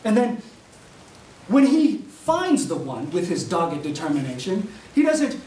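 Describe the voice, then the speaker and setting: A man preaching a sermon as a student, telling a parable with lively storytelling and acted-out voices. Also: sits high, measured pace. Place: university classroom. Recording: echoey classroom, mic far off, faint hiss.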